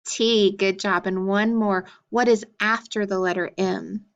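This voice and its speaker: A woman teacher leading an early-grade phonics lesson, speaking slowly and deliberately, praising each answer. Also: mid-range voice, steady tone, dull audio. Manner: slow, deliberate, encouraging.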